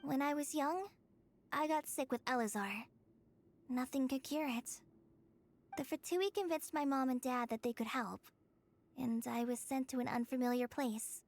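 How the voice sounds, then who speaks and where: A woman voicing a gentle, earnest young female ranger in a video game, speaking softly. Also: high voice, normal speed.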